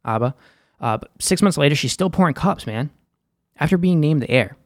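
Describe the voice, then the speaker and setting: A man's voice: on the high side, animated, brisk, dry recording, clean studio sound. A young man with a Boston accent hosting a casual, slangy and opinionated episode recap. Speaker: show recap host.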